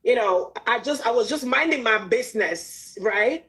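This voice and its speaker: Woman, middle-aged, casual livestream talk, laughing and exclaiming, emphatic, fairly high voice. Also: expressive, normal speed, fairly bright tone. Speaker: livestream host.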